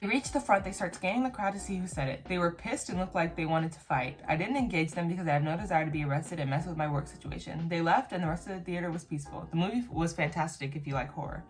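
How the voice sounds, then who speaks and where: A woman's voice: on the low side, quick pace, hardly any pauses. A woman reading posts aloud and reacting to them in casual commentary, bluntly and with plenty of swearing. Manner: blunt, swears freely, laughs and reacts between read lines. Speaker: YouTuber reacting to online posts.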